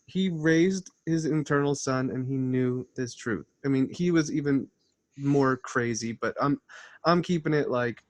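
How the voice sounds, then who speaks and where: A man talking casually but earnestly, laying out his ideas in a preachy way. His voice is mid-pitched and the recording is dry, with no room echo. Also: unhurried. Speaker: channel host. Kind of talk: casual conversation.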